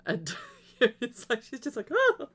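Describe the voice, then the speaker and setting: A woman's voice: sits low, moderate pace. A woman livestreaming a video game, chatting casually to her viewers in a rambling way and giggling often. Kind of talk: casual chat while streaming a game.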